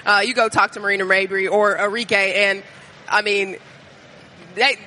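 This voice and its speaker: A hoarse woman, a basketball player, speaking casually as a guest on a live podcast. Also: medium pitch, fairly even intonation, normal speed, bright, forceful tone. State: hoarse from screaming.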